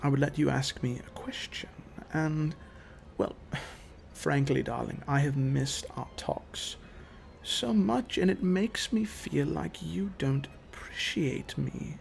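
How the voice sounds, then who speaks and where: A man's voice: mid-range voice, expressive, slow pace, vocal fry, slight background noise, exaggerated voice. A man playing a purring elven patron lady. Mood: wheedling. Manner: purring, soft-spoken, keeps calling others darling. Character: elegant pale elven patron woman, teasing, possessive.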